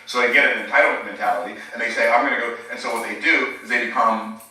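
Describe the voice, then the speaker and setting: Emphatic preacher in an echoey room. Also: male voice, medium pitch, steady tone, quick pace, pushed and bright, recorded from a distance. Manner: emphatic, rhetorical questions to the viewer. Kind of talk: live-streamed sermon.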